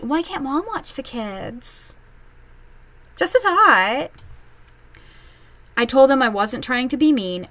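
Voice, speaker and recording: A woman giving casual reaction commentary while reading online posts at home, chatty and candid, with quick asides. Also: medium pitch, no echo. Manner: chatty, candid, quips and mimics others in asides. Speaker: online post reader and commentator.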